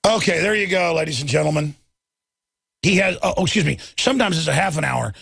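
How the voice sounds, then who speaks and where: A man hosting a talk radio show, ranting about a clip and shouting in bursts. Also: a little high, lively intonation, fast talker, gravelly, breathy edge, no echo, studio quality.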